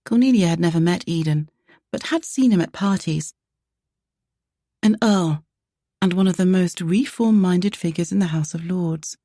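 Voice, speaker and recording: A woman narrating a romance audiobook in a measured, even way. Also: lowish voice, no room sound, studio quality.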